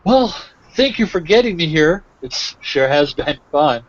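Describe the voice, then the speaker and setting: A man's voice: a little high, big pitch swings, measured pace, lo-fi sound, voice pushed up. A man putting on a chatty young woman traveler. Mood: warm, warning. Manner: chatty, folksy warnings.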